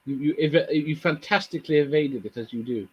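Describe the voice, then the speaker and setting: A man's voice: on the high side, brisk, slightly rough, dull audio. A man in casual chat who teases and quizzes his friend with pointed questions.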